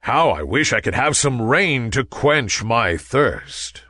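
A wise, kindly sun from a children's storybook, speaking in a gentle, measured way, as a man puts him on. The pitch rises and falls widely, and the close recording is dry. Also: sing-song, no echo, full character voice. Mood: thirsty. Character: grand kind male sun, calm and wise.

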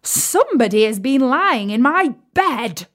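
A woman's voice: high voice, very animated, unhurried, a bit bright, pitched above the performer's own voice, heavily acted. A woman voicing a great huge male bear in a storybook reading, in close to her own voice. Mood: indignant.

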